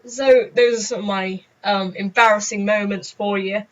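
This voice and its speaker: A woman's voice: medium pitch, fairly even intonation, moderate pace. A young woman chatting in a rambling, giggly, self-mocking way on a casual story-time vlog. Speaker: vlogger. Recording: dull lo-fi recording.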